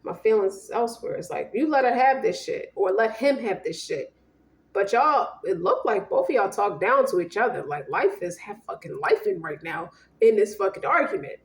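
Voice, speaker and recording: A woman's voice: medium pitch, lively intonation, normal speed, echoey room. A woman giving a casual tarot reading in a blunt, profane way, voicing both partners in turn. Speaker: tarot reader.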